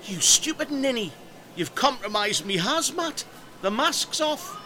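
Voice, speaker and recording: A man playing an excitable, scheming pub regular in a comedy audio play. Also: a little high, unhurried, slight background noise. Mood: indignant. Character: scheming beer-loving British bloke, excitable.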